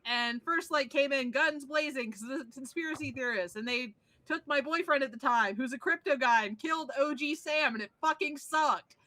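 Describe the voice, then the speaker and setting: A woman player rattling off a recap of the last tabletop session, excited and swearing freely. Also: high-pitched, moderate pace. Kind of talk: casual chat.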